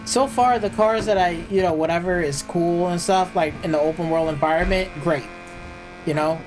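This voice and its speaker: A man's voice: sits high, normal speed, music in the background, rough recording. Profane ranting man streaming gameplay. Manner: loose, filler-heavy, restarts. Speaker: gaming streamer. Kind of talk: live gameplay commentary.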